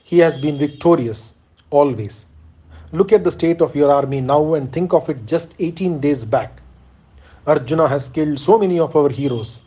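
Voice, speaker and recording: A man's voice: a little high, dark tone, muffled recording, lightly acted. A man reading the part of an old, grieving warrior-teacher who earnestly begs his king to make peace, in an audiobook of an epic. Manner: earnest, imploring.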